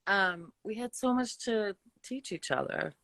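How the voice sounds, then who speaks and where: A woman's voice: medium pitch, animated, measured pace, vocal fry, a bit bright, no room sound. An older woman from the Boston area with a Boston accent, chatting casually with a friend and laughing often. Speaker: co-host. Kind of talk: casual chat.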